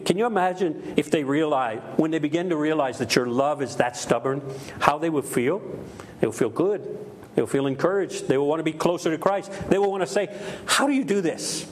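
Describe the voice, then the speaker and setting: Emphatic preaching man, slightly high voice. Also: brisk, a little hiss or hum. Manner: emphatic, repeats key phrases, acts out quoted voices. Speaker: pastor. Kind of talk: sermon.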